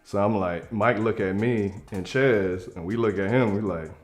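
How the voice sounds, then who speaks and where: A man's voice: lowish voice, moderate pace, over loud music. Young man telling a comedic story. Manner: animated, acts out quoted lines in different voices.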